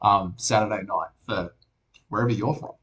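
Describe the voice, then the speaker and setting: Young Australian male streamer, relaxed casual chat host, sweary and matey. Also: fairly low pitch, normal speed, lo-fi sound. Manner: laid-back, swears often, calls viewers mate.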